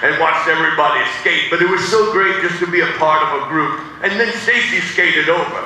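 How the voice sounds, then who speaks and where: A man's voice: a little high, fairly quick. A man pastor telling a first-person story in a sermon, acting out the voices as he goes. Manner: animated, acts out the voices in his story. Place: church sanctuary. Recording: echoey sanctuary, distant mic, faint noise.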